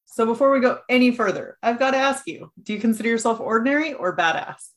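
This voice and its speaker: A woman's voice: fairly high pitch, lively intonation, fast talker, fairly bright tone. A woman hosting a podcast, introducing her guest and asking eager, enthusiastic questions. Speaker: podcast host.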